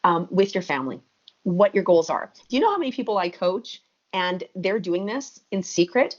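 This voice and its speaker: A woman in her thirties, a podcast guest, telling her story with energy and emphasis. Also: medium pitch. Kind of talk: podcast interview. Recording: muffled lo-fi audio.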